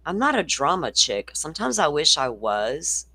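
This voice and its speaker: A woman's voice: low voice, sing-song, normal speed, sharp tone, husky, no echo. A woman with a Southern accent hosting a casual true-crime chat, blunt and salty, swearing freely. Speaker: host.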